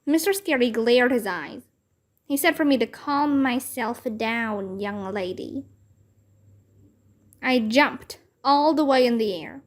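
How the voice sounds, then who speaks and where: A woman narrating a children's chapter book aloud in a clear storytelling manner. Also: a little high, slow.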